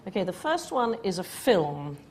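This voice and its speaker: A woman with a lowish voice hosts a TV quiz show, reading clues at normal speed with big pitch swings. She slips in dry, wry jokes, and the noisy studio carries audience laughter.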